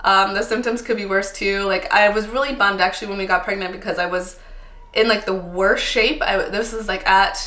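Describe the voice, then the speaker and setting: A woman's voice: mid-range voice, fairly even intonation, a little fast, pushed and bright. Chatty tired woman in an echoey room. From Canada. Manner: chatty, frequent ums and likes, candid. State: tired, a little emotional. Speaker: vlogger. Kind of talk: casual chat to camera.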